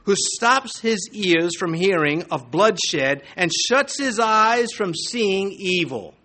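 Middle-aged pastor, animated sermon delivery, high, swooping voice. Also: male voice, takes it slowly. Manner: animated preaching with jokes and asides.

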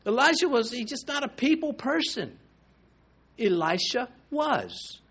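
Man, pastor, sermon, high-pitched, emphatic, loud then hushed. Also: big pitch swings, unhurried, slightly rough.

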